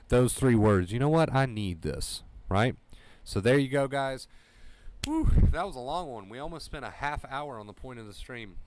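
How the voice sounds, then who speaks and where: A man's voice: mid-range voice, darkish tone, no echo. Emphatic man coaching a livestream chat. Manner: emphatic, repeats key phrases, addresses chat directly. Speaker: anxiety coach and livestream host. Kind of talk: motivational livestream talk.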